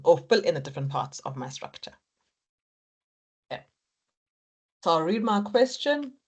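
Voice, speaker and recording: Woman lecturer, low voice, encouraging, walks students through steps. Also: lo-fi sound. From Africa. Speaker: accounting lecturer. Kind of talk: exam technique lecture.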